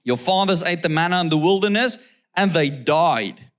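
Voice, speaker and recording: South African male guest preacher, somewhat high voice, reads scripture and then questions the crowd. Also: expressive, moderate pace. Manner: keeps checking in with "okay?". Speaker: guest pastor. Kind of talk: sermon with scripture reading.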